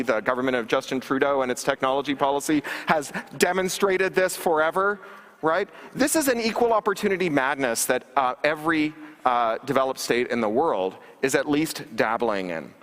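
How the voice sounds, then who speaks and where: Guy giving a keynote on a stage, kinda high voice, sarcastic, lots of ums, big echoey hall. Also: fairly bright tone. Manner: wry, sarcastic, with frequent ums and restarts. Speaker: conference speaker. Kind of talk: conference keynote talk. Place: large conference hall stage. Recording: long reverb of a large hall.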